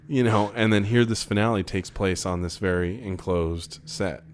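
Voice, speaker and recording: A man co-hosting a casual film commentary, chatty and quick to laugh, with excited asides. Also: fairly low pitch, a little hiss or hum.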